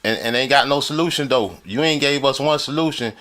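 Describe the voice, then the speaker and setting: A man's voice: medium pitch, a little fast, a bit bright. A man from Florida on a live stream, arguing heatedly and boasting, with repetitive challenges and frequent laughter.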